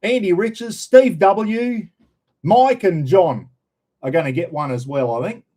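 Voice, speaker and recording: A man's voice: high voice, takes it slowly, dark tone, husky. A middle-aged Australian man hosting a casual livestream chat, rambling and slangy, often calling out to his viewers as everyone. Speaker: livestream host.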